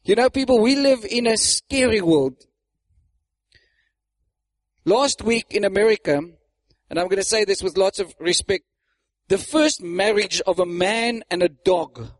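Man, preacher, sermon, animated delivery, high voice, dry sound. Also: measured pace, long pauses, no echo. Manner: animated, acts out mocking voices, laughs often.

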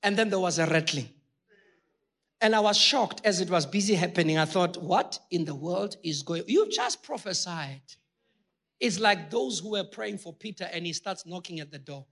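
A man preaching a sermon with passion, talking straight to his congregation and rising to shouted peaks. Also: sits high, expressive, normal speed. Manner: addresses the congregation directly.

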